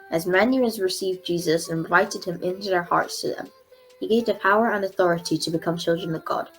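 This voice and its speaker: A woman reading aloud and voicing a kindly mission doctor who reassures people in a gentle, earnest way. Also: mid-range voice, lightly acted.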